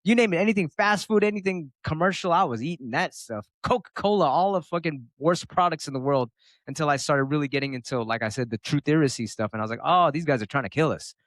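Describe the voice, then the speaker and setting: A man's voice: a little high, fast talker, no room sound. A middle-aged man from the United States, a turntablist guest, talking casually and profanely in an interview, acting out quotes. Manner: profane, animated, acts out quotes.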